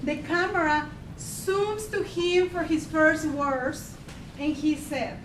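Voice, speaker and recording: A woman with a Mexican Spanish accent giving a humorous contest speech, deadpan and pausing for laughs. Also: high-pitched, far from the mic, a little hiss or hum. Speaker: contest speaker. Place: meeting hall with audience. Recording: echoey hall, mic from afar, crowd laughing.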